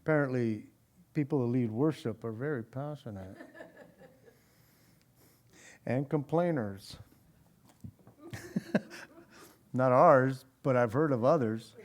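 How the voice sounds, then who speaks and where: A male pastor leading an evening Bible study in a church, talking in an animated way, often tripping over and repeating his words and breaking into laughs. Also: medium pitch, slow, pauses often.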